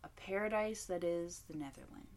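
A woman's voice: lowish voice, moderate pace. A young woman, co-hosting a beer tasting show in casual, profane, joking chat. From Canada.

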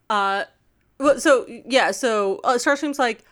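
Excitable lady on a podcast, bright slightly high voice, just chatting. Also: takes it slowly. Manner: excitable, laughing, acts out characters' lines. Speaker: podcast co-host. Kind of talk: casual chat.

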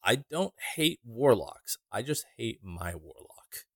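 A man's voice: mid-range voice, big pitch swings, slow pace, no echo, studio quality. A man co-hosting a podcast in casual chat, rambling and wry, swearing now and then. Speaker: podcast co-host.

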